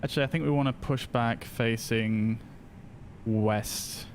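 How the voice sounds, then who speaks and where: A man giving casual commentary while streaming a flight simulator, switching to slow, flat voice commands now and then. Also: medium pitch, slight background noise. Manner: slow, flat voice commands between chatty asides.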